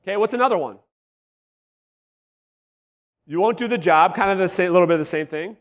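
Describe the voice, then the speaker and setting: A man coaching real estate agents at a live workshop, energetic and blunt, swearing and quizzing the audience, his voice wearing out. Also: sits high, a little fast. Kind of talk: live workshop teaching to a room. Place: large room with live audience. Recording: long hall reverb.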